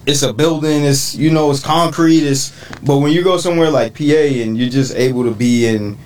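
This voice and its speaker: A man co-hosting a podcast speaks in a relaxed, reflective way, often nodding along out loud. He sits a little back from the microphone. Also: mid-range voice, normal speed, recorded from a distance, low-quality recording. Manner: relaxed, reflective, with frequent affirmations. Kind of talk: casual chat.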